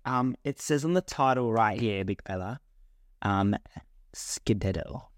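A man's voice: fairly low pitch, a little slow, no echo, clean studio sound, lightly acted. A young man voicing a dismissive young woman at the beach, using a put-on American accent. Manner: snooty, brushing off.

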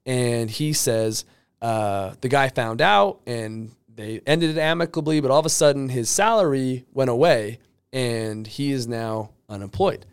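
A man telling a motivational story in a blunt, profane way, with sudden loud bursts. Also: mid-range voice, a little slow, clean tone. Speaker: motivational speaker. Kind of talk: energetic storytelling monologue.

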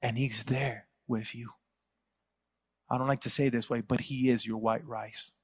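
A man's voice: mid-range voice, fairly even intonation, moderate pace, breathy edge. Storytelling pastor man in echoey church. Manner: storytelling, acting out quoted voices. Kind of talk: sermon.

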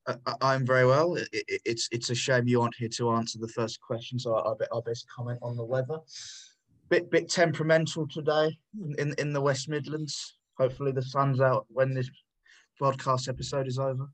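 A man's voice: medium pitch, flat delivery, a little fast, poor audio. A man contributing to a political commentary podcast, combative and sardonic, often stumbling and restarting his sentences.

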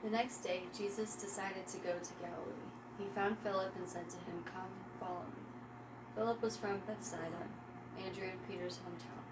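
Woman reading bible verses out loud, steady, echoey roomy sound with background noise. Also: mid-range voice, a little fast. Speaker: Bible study participant reading scripture aloud. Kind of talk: reading scripture aloud. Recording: roomy, noisy room recording.

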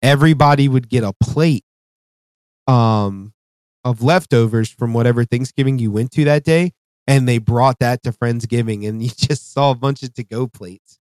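A man's voice: mid-range voice, normal speed, darkish tone, clean tone, no room sound. Tired, profane male podcast co-host. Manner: profane, rambling. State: tired, yawning. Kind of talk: casual podcast chat.

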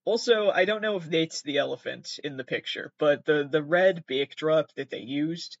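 A man's voice: on the high side, normal speed, gravelly, dry recording, highs cut off. A man hosting his own show, chatting casually about odd news stories in a rambling, profane, self-mocking way. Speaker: podcast host. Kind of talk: casual solo commentary on news.

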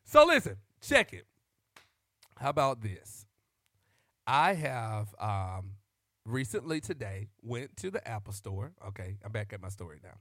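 A man vlogging into a close microphone, joking and riffing like a preacher, animated and shouting at times and calling out to y'all. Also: fairly low pitch, unhurried, pauses often, dry recording. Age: adult. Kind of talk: comic monologue with preacher-style riffs.

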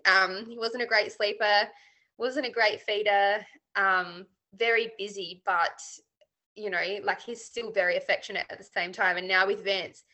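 Australian woman, thirties, bright and clear tone, casual candid interview chat, lots of ums and likes. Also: mid-range voice, fairly even intonation, moderate pace. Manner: chatty, warm and candid, with many fillers. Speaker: guest.

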